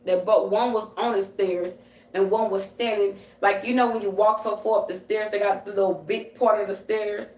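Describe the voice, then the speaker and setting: A woman's voice: mid-range voice, fairly even intonation, moderate pace. A woman livestreaming as a psychic medium, ranting in a profane, confrontational, slangy way. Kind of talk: livestream rant. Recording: roomy and distant from the mic.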